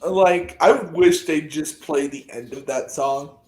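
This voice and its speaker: A young man co-hosting a podcast, telling stories in a casual, animated way with a lot of laughter. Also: fairly high pitch, slow, low-quality recording. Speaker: podcast co-host. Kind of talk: casual chat.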